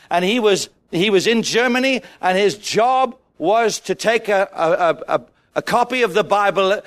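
A man preaching a sermon to a congregation, animated and asking them questions. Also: high voice. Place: church with a congregation.

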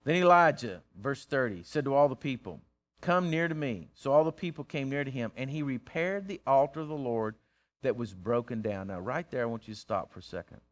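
A man's voice: medium pitch, animated, fairly quick. Man preaching with big swings. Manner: swings from loud preaching to hushed, earnest talk; plain-spoken, folksy, teasing. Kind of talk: sermon.

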